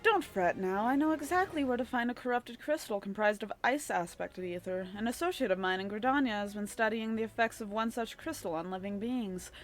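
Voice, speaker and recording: A woman's voice: on the high side, brisk, few pauses, faint music behind, close to an everyday voice. A woman voicing a pompous, fussy male scholar, reading game dialogue aloud in a formal, lecturing tone.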